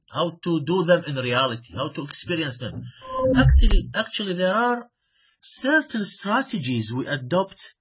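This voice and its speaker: A male lecturer explains things to a class in English, repeating points and checking understanding as he goes. His pitch moves animatedly up and down, and his voice has a slightly husky edge. The recording sounds dull and lo-fi. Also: a bit bright. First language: Arabic. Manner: repeats himself, checks with "right?", switches into Arabic asides.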